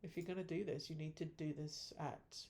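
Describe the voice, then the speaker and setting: Woman trader, casual self-review, gravelly and mellow-toned, blunt and frustrated with herself. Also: deep voice, steady tone, a little fast.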